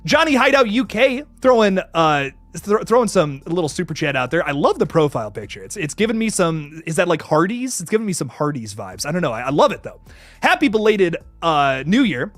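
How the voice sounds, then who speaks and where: The host of this casual livestream is a young man who reads viewer messages aloud, laughing regularly, tripping over his words and swearing without much thought. His delivery is on the high side, sing-song and a little fast, with no room sound.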